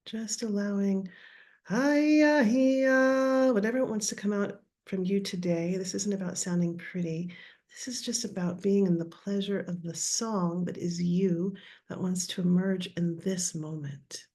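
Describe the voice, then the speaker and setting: A woman with a raspy voice leading a guided voice workshop on a live video call, speaking softly and often slipping into whispers. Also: fairly low pitch, steady tone, unhurried. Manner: soft, drifting into whispers while guiding. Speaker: workshop leader.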